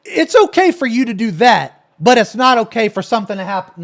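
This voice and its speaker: A man on a live stream, ranting in anger and cursing as he reacts to a clip. His voice sits high and moves widely in pitch. He loops back to the same insults and phrases. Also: sing-song, a little fast. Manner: angry, profane, repetitive ranting.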